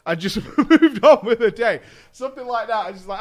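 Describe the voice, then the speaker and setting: A man's voice: extremely high pitch, a little fast. A man telling a story casually to his stream chat. He swears freely and acts out the lines of the people in the story. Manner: animated, swears a lot, acts out quotes. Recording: faint music behind.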